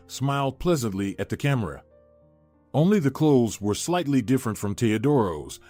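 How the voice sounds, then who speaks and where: Man narrating a story over soft music. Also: medium pitch. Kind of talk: scripted narration. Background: faint music.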